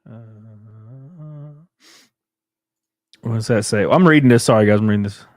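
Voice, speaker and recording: A man's voice: medium pitch, a little slow, dry recording, clean studio sound. A man streaming live, reading chat messages and riffing sarcastically with plenty of swearing and mocking voices.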